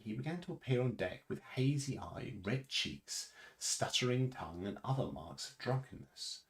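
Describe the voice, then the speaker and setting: A man reading a novel aloud for a charity stream, with occasional stumbles and restarts, lifting his voice for quoted dialogue. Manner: unpolished reading with restarts and self-corrections; varies pitch and loudness for dialogue. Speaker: reader.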